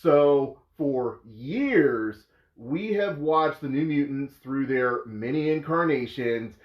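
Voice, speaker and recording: A man with a high voice hosts a casual movie review. He talks in an animated, exasperated way and breaks into incredulous outbursts. The sound is dull and lo-fi, with room echo behind him. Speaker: host of a movie review show.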